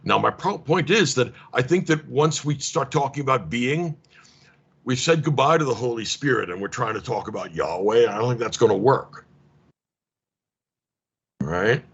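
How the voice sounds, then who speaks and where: Wry gravelly man lecturing on a call. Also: mid-range voice, moderate pace. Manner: wry, animated, acts out dialogues with mock exasperation. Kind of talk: casual seminar discussion. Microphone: video call. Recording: lo-fi online call audio.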